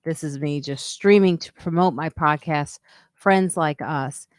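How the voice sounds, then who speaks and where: Woman comic chatting on her stream, lowish smooth voice, dry close sound, says hi to folks in chat. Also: measured pace, no echo. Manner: chatty, reads out viewer comments and greets them; says she is using a weird low radio voice. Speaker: comedian and podcast host. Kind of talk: casual solo live stream chat.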